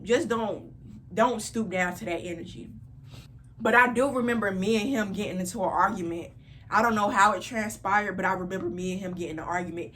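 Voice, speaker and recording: A young woman in her twenties tells a story straight to camera in a loose, chatty storytime vlog. Her voice sits at an ordinary middle pitch for a woman. She gets animated and repeats lines for emphasis. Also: slight background noise. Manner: animated, repeats phrases for emphasis, breaks into laughter. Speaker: vlogger.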